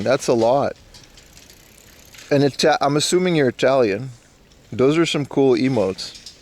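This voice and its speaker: Streaming live from a Japanese park, an IRL streamer reads chat aloud and rambles casually in slangy talk. He speaks at a measured pace in a mid-range voice.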